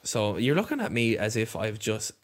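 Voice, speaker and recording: A man's voice: fairly low pitch, very animated, normal speed. A man on a podcast, talking bluntly in casual chat, ranting and swearing freely.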